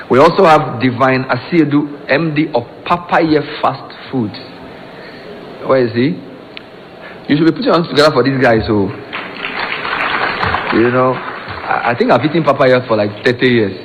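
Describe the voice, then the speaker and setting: A man's voice: mid-range voice, muffled recording. A man with a Ghanaian accent emceeing a conference, introducing panelists with chatty, joking asides. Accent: Ghanaian English. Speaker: master of ceremonies. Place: conference hall. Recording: reverberant hall with faint room noise.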